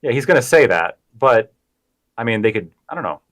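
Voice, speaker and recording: A man's voice: medium pitch, sing-song, a crowd in the background. A man joining a political livestream chat, cutting in with blunt, profane remarks. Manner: quick, blunt interjections. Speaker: guest co-host.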